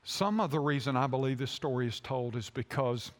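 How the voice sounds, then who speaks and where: A man preaching a sermon as a pastor, telling a story haltingly with many fillers. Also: medium pitch, lively intonation. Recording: long hall reverb.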